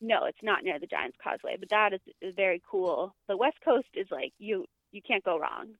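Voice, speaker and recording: A woman's voice: mid-range voice, expressive, normal speed, no echo. A woman guest chatting casually on a podcast, talking in loose bursts with many fillers and restarts. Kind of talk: casual chat. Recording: tinny phone-line audio.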